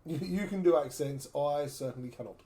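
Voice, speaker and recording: A man's voice: fairly high pitch, a little fast, dark tone, slightly rough. A man co-hosting a podcast in casual chat, easygoing and self-deprecating. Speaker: podcast co-host.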